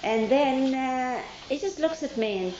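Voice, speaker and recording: A woman telling a story from her youth to a group, acting out the remembered dialogue with lively pitch jumps and some hesitant fillers. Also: measured pace. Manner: animated, acts out remembered dialogue with rising pitch; hesitant fillers and self-corrections. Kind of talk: informal spoken memoir to a listening group. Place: hall. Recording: dull, roomy hall recording with faint hiss.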